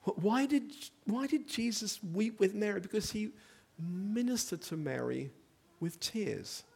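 A man's voice: high voice, animated, a little slow, gravelly, a little mellow, slightly rough. A man preaching a sermon, earnest, building to emphatic rhetorical questions.

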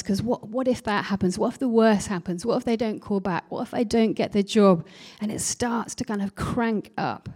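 A woman delivering a sermon in a relaxed, mellow voice. She talks in a conversational, reflective way and keeps asking the listeners rhetorical questions. Her voice sits at an ordinary middle pitch. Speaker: preacher.

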